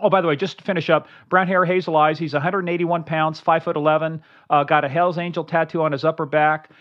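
A man's voice: a little high, level tone, quick pace, few pauses, a bit bright. A man hosting a podcast, chatting casually and teasing his guest with jokes. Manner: joking, teasing banter. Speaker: podcast host. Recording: muffled lo-fi audio.

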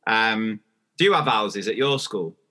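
Bright-voiced chatty man. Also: fairly low pitch, lively intonation, a little slow. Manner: chatty storytelling, acts out dialogue. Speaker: podcast co-host. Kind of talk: casual chat.

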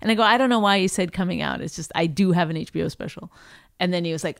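A woman's voice: on the low side, fast talker, gravelly. A woman stand-up comedian chatting casually, telling a rambling story full of restarts and quoted voices. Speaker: stand-up comedian, podcast co-host. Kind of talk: casual chat.

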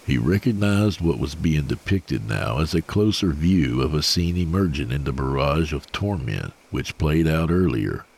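Very deep-voiced man narrating horror. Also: darkish tone, breathy edge.

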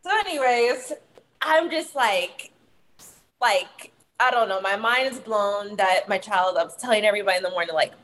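A woman in her thirties, a podcast co-host, telling an animated story in casual chat, laughing as she goes. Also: medium pitch, moderate pace, slight background noise. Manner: animated, laughing through stories.

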